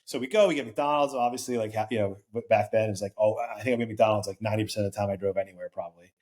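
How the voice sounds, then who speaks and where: A man's voice: on the low side, fairly even intonation, racing, darkish tone. A man in his forties, a podcast guest telling a long personal story in a casual, rambling way, full of "like" fillers and acted-out quoted voices.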